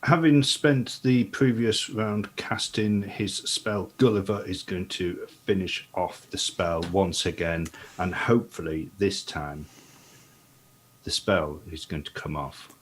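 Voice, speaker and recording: A man's voice: deep voice, takes it slowly, a little hiss or hum. A man playing a tabletop role-playing game, describing his character's actions. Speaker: player. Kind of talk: casual chat.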